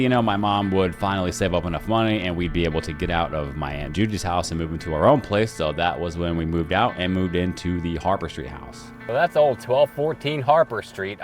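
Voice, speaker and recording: A young man with a lowish voice tells his childhood story in a loose, slangy way. He jumps up in pitch to act out the people he quotes. Faint guitar music plays under his voice. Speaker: podcast storyteller. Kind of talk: casual personal storytelling.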